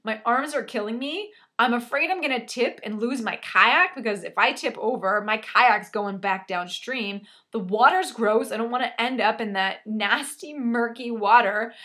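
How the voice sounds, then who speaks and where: Woman storyteller, slightly high voice, dramatic and self-deprecating, casual mild swearing. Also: normal speed, sharp tone. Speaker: storyteller sharing a personal anecdote. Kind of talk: animated personal storytelling.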